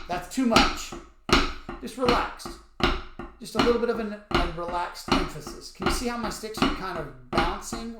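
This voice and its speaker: A man with a high-pitched, expressive voice talks a little slowly while teaching drums, explaining technique and calling out strokes and counts as he plays. Heavy background noise sits under a roomy echo and loud stick clicks on a practice pad.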